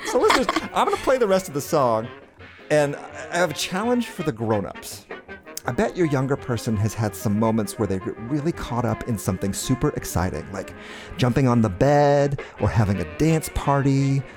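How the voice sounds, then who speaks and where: A man's voice: medium pitch, big pitch swings, normal speed, music in the background. A man hosting a children's podcast, talking playfully straight to young listeners. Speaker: podcast host.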